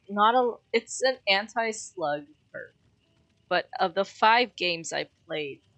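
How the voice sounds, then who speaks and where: A woman streams a game and talks over it in a loose, rambling way, correcting herself as she goes. Her voice sits a little low but comes out bright and forceful. She gets excitable and laughs easily. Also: no echo. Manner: rambling, self-correcting reviews. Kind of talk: casual gameplay commentary.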